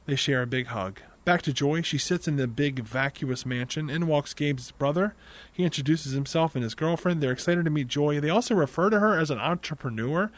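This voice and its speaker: A man's voice: mid-range voice, fairly quick. A tired man hosting a podcast, casually recapping a film's plot with dry, wry asides. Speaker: podcast host.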